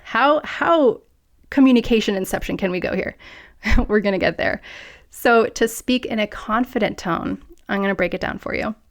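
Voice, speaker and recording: A woman hosting a solo podcast, coaching listeners directly on confident speaking with lively, playful asides. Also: medium pitch. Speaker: podcast host. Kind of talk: scripted solo podcast talk.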